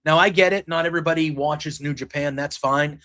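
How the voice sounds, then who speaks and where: A man with a slightly higher voice hosts a casual wrestling recap. He rambles from one moment to the next, retelling what was said in quotes and filling gaps with "you know" and "um.". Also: fairly even intonation, brisk, bright, forceful tone. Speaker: podcast host recapping wrestling.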